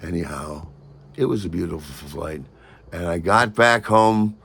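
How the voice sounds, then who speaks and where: Animated man telling a story, bright voice. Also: a little slow, gravelly, husky. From Michigan. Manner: acts out other people's lines with big pitch jumps and shouts. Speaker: host telling a personal story.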